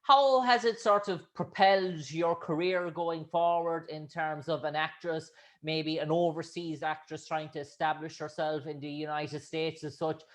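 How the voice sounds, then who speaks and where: A man's voice: on the high side, steady tone, measured pace, fairly bright tone. An Irish man hosting an interview. He asks long, winding questions, hedging again and again with "sort of", "I suppose" and "as such". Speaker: interviewer, host.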